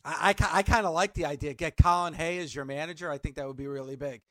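A man co-hosting a radio interview, joking and throwing in quick asides. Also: fairly high pitch, steady tone, no room sound, studio quality. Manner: jokey, laughs along, quick asides. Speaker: radio co-host. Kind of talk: casual interview.

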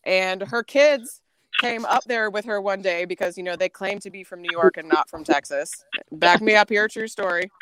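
A woman's voice: medium pitch, moderate pace, crowd noise, low-quality recording. A woman guest on a casual live chat, brash and teasing, swearing freely.

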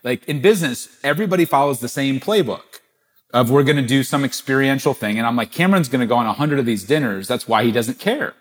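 A middle-aged man, a podcast guest, telling a business story with animated quoted dialogue. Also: mid-range voice, quick pace. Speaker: guest, gift-giving business founder.

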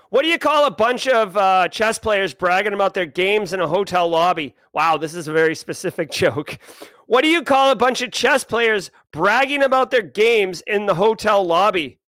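A man with a Boston accent hosting a daily cyber news live stream, talking in an energetic, rambling, self-joking way. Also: high-pitched, normal speed, dry recording. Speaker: host. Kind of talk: casual live-stream chat.

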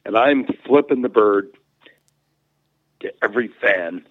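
Husky and fairly low, a man speaks at a measured pace, recounting his hockey-playing days as an interview guest in a meandering way with plenty of fillers and false starts. No room sound comes through, but the audio is narrow like a phone call.

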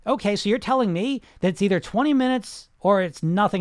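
A man's voice: sits high, fairly quick, dry recording, clean studio sound. A middle-aged man, a weight-loss coach hosting a casual live question-and-answer talk, rambling with many restarts in an emphatic, salesy way.

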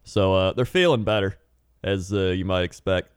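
Low-voiced, easygoing man co-hosting. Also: normal speed, smooth, no room sound, clean studio sound. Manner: easygoing, rambling, laughs a lot. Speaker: podcast co-host. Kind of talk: casual comedic chat.

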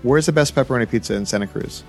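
A man's voice: mid-range voice, very fast, soft background music. A man hosting a casual interview, upbeat and easygoing, asking questions and making light jokes. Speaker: interviewer host.

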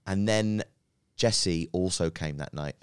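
Man, very low voice, smooth resonant tone, comedian guest, rambling anecdote, dry studio sound. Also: unhurried, no room sound. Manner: rambling, hesitant with many fillers. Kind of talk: casual storytelling chat. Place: podcast studio.

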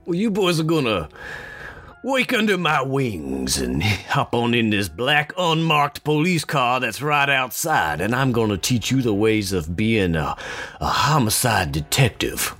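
A man doing a drawling Southern homicide detective, theatrical and sly, with faint music underneath. The voice sits at a middling pitch. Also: sing-song, unhurried, a bit bright, heavily acted. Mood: scheming.

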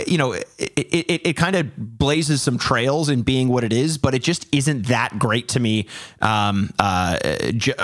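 A man's voice: mid-range voice, dry recording. Man, podcast co-host, casual review chat, rambling restarts, dry close sound.

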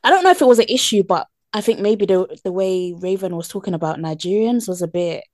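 A woman, co-hosting a podcast in casual chat, easygoing and quick to agree. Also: mid-range voice, lively intonation, darkish tone, no room sound, studio quality. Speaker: podcast co-host.

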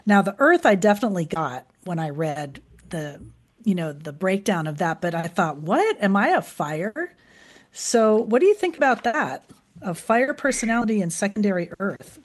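A woman's voice: mid-range voice, moderate pace. Chatty woman hosting a call-in show. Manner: chatty, relaxed, many fillers. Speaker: radio call-in host.

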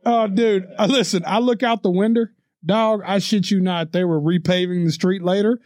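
This podcast co-host has a high voice with a steady tone, normal speed, and a slightly mellow quality, recorded dry in a clean studio. Swearing and laughing frequently, he rambles through a crude, casual story.

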